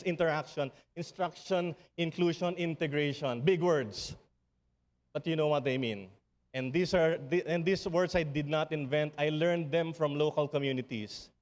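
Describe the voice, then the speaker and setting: A middle-aged Filipino man giving an earnest, rousing keynote speech at a summit, building his points with repeated refrains and occasional restarts. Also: a little high. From Philippines. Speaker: summit speaker. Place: large conference hall. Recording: long hall reverb.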